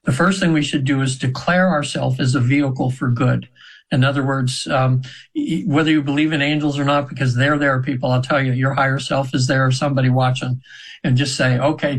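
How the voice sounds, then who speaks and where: A man in his seventies speaks briskly in a steady tone at medium pitch, though the audio is poor. As a radio show guest in a casual storytelling interview, he spins a long personal story, rambling with many fillers and restarts.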